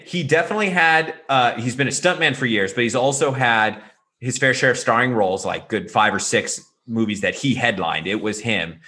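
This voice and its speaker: A man co-hosting a podcast in casual chat, animated, talking in rapid bursts with many fillers. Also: on the low side. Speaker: podcast co-host. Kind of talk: casual chat about martial arts films.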